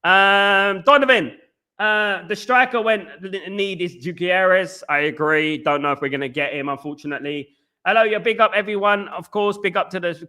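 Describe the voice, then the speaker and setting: A man hosts a casual live fan stream and reads out viewers' comments. His voice sits high and sounds bright and cutting. He rants with exasperation and circles back over the same points. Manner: ranting, exasperated, repeats himself. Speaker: fan channel host reading live chat.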